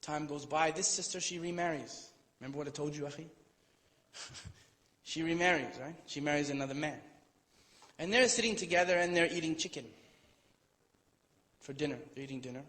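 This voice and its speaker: A man lectures a live audience in a hall, with a voice sitting a little high for a man. He tells the story in a relaxed way and stops for playful asides. His words trail off into a long reverberant tail. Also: fairly quick, pauses often. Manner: conversational, playful asides, acts out quotes. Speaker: Islamic lecturer. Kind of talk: storytelling sermon.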